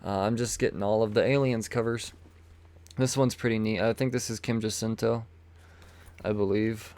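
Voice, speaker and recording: Man, comic podcast host, excited and rambling, stumbles over words, mid-pitched voice, dry close mic. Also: no echo. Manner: enthusiastic, rambling, stammers on repeated words, swears casually. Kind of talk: casual solo talk showing comics.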